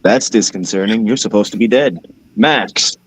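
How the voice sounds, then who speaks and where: A man's voice: on the low side, moderate pace, husky. A man playing a tabletop game, talking loosely and joking with casual swearing. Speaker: player. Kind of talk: casual game-night chat.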